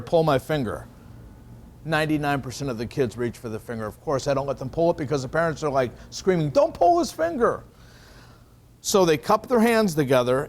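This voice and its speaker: Magician-teacher, male, slightly high voice, laid-back tutorial delivery, faint room noise. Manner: relaxed, conversational, explaining step by step with restarts. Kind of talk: casual magic tutorial explanation.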